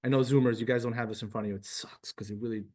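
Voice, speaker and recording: With a mid-range voice and a racing delivery, he leads a casual religious class for a live and online group. He is emotional and animated, speaking directly to the students.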